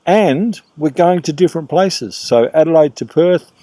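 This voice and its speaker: A man's voice: fairly high pitch, moderate pace, mellow, no room sound. A man with an Australian accent, a tour operator chatting casually in an interview with laid-back local slang.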